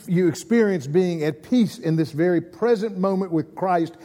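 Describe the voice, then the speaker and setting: A man's voice: high-pitched, mellow, in a large hall. A man preaching a folksy sermon, telling stories and asking the congregation questions. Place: church.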